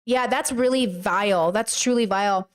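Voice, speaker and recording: A woman's voice: medium pitch, normal speed. A woman livestreaming, reading a text aloud and reacting with emotional, exclaiming commentary. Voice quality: tearful at times. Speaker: streamer reacting to a video.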